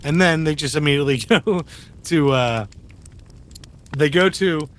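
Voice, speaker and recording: Male podcast co-host, casual and animated storyteller, slightly raised pitch. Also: measured pace, a little hiss or hum. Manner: animated storytelling with lots of fillers and swearing. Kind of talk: casual chat.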